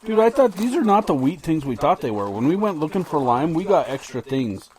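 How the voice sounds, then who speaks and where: A man's voice: on the high side, very animated, a little fast, darkish tone. A middle-aged man co-hosting a casual snack-tasting chat with his son, joking and reading package text in a mock announcer voice. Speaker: podcast co-host, father.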